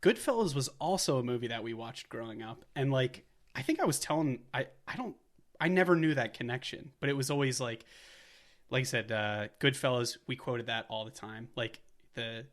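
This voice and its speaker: A man's voice: mid-range voice, moderate pace. A young man co-hosting a casual movie podcast, enthusiastic and joking, often echoing lines for laughs. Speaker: podcast co-host. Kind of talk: casual chat.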